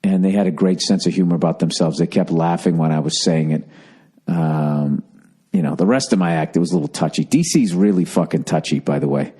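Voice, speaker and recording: Low, mellow man ranting quietly. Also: a little fast, breathy edge. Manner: profane, sardonic, talking quietly. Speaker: podcast host. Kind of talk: rambling casual monologue. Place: at home, indoors.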